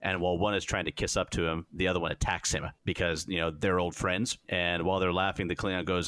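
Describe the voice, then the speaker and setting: A man's voice: deep voice, fast talker, hardly any pauses, clear, resonant tone, no echo. A man co-hosting a podcast in casual chat, retelling scenes and acting out the dialogue. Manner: animated storyteller, acts out dialogue in raised voices. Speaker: podcast co-host.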